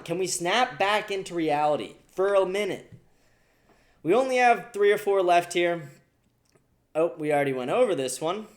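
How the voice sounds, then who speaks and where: A man's voice: high-pitched, animated, moderate pace. A man hosting a podcast, ranting profanely and indignantly about the news. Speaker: podcast host. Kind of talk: casual political commentary.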